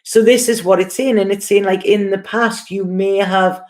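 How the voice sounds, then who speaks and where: A woman giving a casual tarot reading, talking in an unhurried way and often checking in with "you know" and "okay". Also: mid-range voice, steady tone. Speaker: tarot reader.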